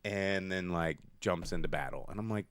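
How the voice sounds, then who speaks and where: A man co-hosting a casual movie-review podcast, rambling and animated, acting out lines in silly voices. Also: low voice, normal speed, clean tone, no room sound, clean studio sound. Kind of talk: casual chat. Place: studio.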